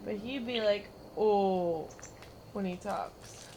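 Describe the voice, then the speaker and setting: A woman streaming a game, chatting casually, giggling and teasing, breaking into loud mimicking bursts. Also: a little high, measured pace, a little hiss or hum.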